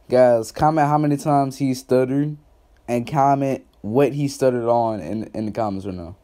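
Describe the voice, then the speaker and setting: A man's voice: medium pitch, normal speed, mellow. A man doing reaction commentary, roasting another creator in loose slang and laughing often.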